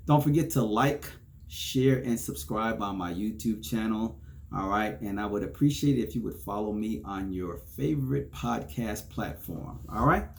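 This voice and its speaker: A man's voice: lowish voice, expressive, moderate pace, creaky. A man hosting a solo podcast, chatting casually, chuckling between points and often checking in with "okay?". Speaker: podcast host.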